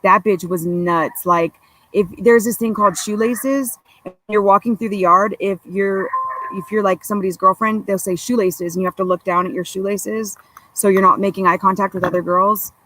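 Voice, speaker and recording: A woman's voice: mid-range voice, steady tone, moderate pace, fairly bright tone, a little hiss or hum, poor audio. A young woman guest on a podcast, telling stories in a blunt, profane, rambling way full of fillers. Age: young adult. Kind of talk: casual storytelling chat.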